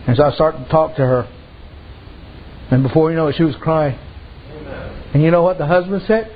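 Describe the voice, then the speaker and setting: A preacher man delivers a folksy, story-filled sermon in a fairly high voice, easing from conversational talk into louder, urgent stretches. The recording sounds dull and lo-fi. A faint hiss runs underneath. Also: brisk. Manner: folksy, conversational, rising when stirred.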